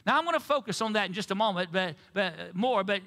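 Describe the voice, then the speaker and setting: A man's voice: sits high, lively intonation, fast talker, bright, forceful tone. A male pastor preaching a sermon and getting the congregation to repeat phrases back. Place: church sanctuary. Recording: reverberant church sanctuary.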